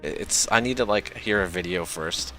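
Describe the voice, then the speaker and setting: Deep-voiced, chatty game streamer man. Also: moderate pace, a bit bright, faint music behind. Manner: chatty and self-deprecating. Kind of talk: casual gaming chat, reading dialogue aloud.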